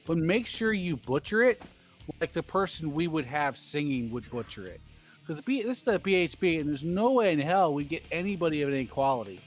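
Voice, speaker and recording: A man's voice: fairly high pitch, very animated, fairly quick, soft background music. A man doing rambling, jokey play-by-play commentary on a baseball video game stream.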